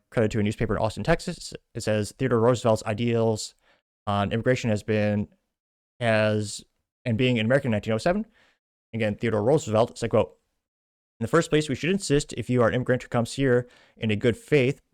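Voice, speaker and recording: A man at a middle pitch reads out social media comments one after another, announcing their like counts. Between posts he adds his own opinionated remarks in a plain, conversational delivery. The recording is dry and close, with no room echo. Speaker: show host.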